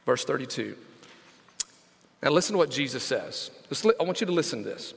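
A male senior pastor preaching a sermon, stressing scripture slowly and calling out to the congregation. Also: a little high, lively intonation, gravelly, slightly rough, long reverb tail. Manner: emphatic, slows down to stress scripture; engages congregation with call-outs.

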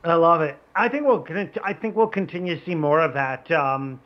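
A man with a slightly higher voice than most talks casually as a podcast guest. He is animated and full of restarts and fillers. The sound is a bit muffled and lo-fi. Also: normal speed. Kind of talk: casual conversation.

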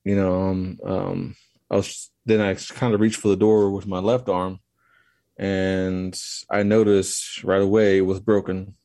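A man with a low, gravelly voice tells a story casually as a podcast guest. He retells events in a halting, meandering way. The sound is dry and close. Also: flat delivery, warm tone, no echo.

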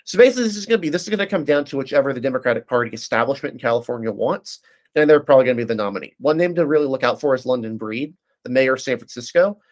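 A man breaking down political races at a brisk clip, his voice at a middle pitch. He piles on detail and stumbles through restarts and "uh"s as he goes. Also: lively intonation. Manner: fast, detailed, many fillers and restarts. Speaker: political analyst. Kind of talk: casual political discussion.

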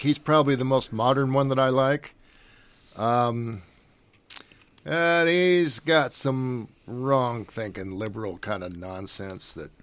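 An older man chatting casually, rambling with many fillers and restarts. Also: medium pitch. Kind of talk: casual chat.

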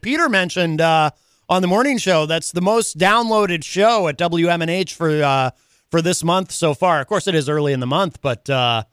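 New radio host guy, lots of uhs, smooth voice, dry studio mic. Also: high voice, a bit bright, no echo. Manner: halting, many fillers. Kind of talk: casual radio chat. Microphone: studio microphone.

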